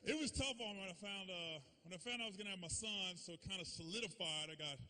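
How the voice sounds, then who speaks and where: Brief: high-pitched male stand-up comic, conversational and rambling, club set. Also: quick pace, sharp tone, a little hiss or hum. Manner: loose, conversational, peppered with "man" and "you know". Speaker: stand-up comedian. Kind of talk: stand-up comedy routine. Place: comedy club stage.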